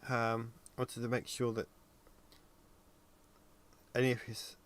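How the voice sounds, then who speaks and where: A man's voice: mid-range voice, monotone. Tired man rambling through a livestream. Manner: thinks aloud, halting with ums while working. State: tired and yawning. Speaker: 3D animator livestreaming his work. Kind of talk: casual livestream commentary.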